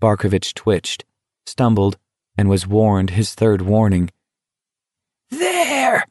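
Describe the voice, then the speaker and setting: A man reading a novel aloud as a dramatic audiobook narrator, measured and unhurried. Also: lowish voice, little pitch movement, mellow, no room sound, studio quality.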